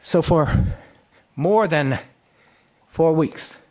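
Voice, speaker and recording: Middle-aged guy lecturing at a conference, voice a bit on the high side, lots of uh's and restarts, tells it like a story. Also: very slow. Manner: storytelling, recounting historical debates and quoting speakers in lively voices; frequent fillers and restarts.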